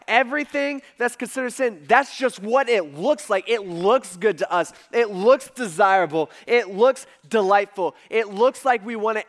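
A male pastor preaching a conversational sermon, animated and swinging between soft and loud. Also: high voice, normal speed, hardly any pauses.

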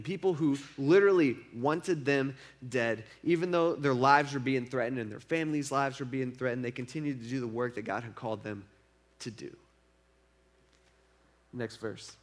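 A male pastor with a high voice preaches a sermon in a loose, conversational way. He is emphatic and repeats points for weight, often checking in with his listeners.

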